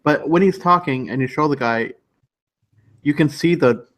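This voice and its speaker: A man's voice: fairly high pitch, normal speed, fairly bright tone. A man chatting on a livestream, telling gossipy stories and laughing often. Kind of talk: casual chat on a livestream.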